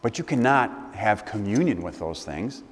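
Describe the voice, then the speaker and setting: A man's voice: fairly low pitch, big pitch swings, moderate pace. A man preaching a sermon as a priest, asking questions and building emphatic lists. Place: church. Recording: long church reverb.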